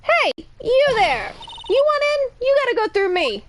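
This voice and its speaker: A woman's voice: very high voice, huge pitch swings, measured pace, slight background noise, pitched above the performer's own voice, exaggerated voice. A woman voicing a cranky older woman working as a studio security guard, with a put-on New York accent and a scolding manner. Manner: scolding, loud.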